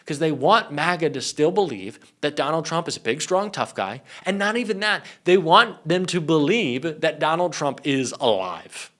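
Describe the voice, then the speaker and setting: Sarcastic man, lively voice. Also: on the high side, normal speed, few pauses. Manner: sarcastic, mocking, profane. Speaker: political commentator. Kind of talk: reaction commentary.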